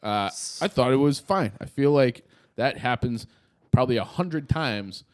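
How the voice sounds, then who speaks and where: A man's voice: medium pitch, expressive, measured pace, no echo, studio quality. A young man from Illinois, co-hosting a casual sports podcast and telling loose, profane stories. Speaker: podcast co-host.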